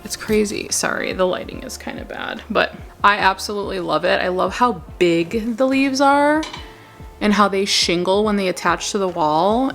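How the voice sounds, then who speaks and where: Chatty gushing young woman, gravelly. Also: medium pitch, fairly bright tone. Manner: gushing, chatty, drops to a whisper at times. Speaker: plant vlogger. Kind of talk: casual houseplant tour. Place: home room with plant shelves. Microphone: handheld camera.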